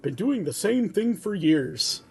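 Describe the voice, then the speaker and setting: Folksy Who handyman, read by a man, hesitant, high and husky. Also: sing-song, unhurried, exaggerated voice. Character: bored, modest male Who craftsman. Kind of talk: comic script reading.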